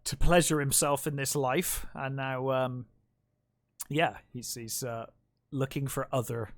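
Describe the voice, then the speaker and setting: A man chats casually as a film podcast co-host, recorded close and dry with no room sound. He retells the plot in a lively way and slips into the characters' voices as he goes. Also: medium pitch, measured pace, no room sound. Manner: animated retelling of scenes, acting out characters' lines.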